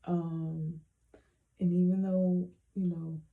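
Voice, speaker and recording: Woman, slow halting heartfelt talk, gravelly low voice, muffled phone audio, echoey room. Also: level tone. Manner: soft, halting, many pauses and fillers. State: close to tears. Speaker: vlogger. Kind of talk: heartfelt personal message to camera. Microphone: phone held in hand.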